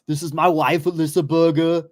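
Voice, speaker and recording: A man's voice: on the high side, normal speed, voice pushed up, close to an everyday voice. A man putting on a hulking foreign action-movie star with an Austrian accent, speaking stiff and clipped. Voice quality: thick accent, flat clipped delivery.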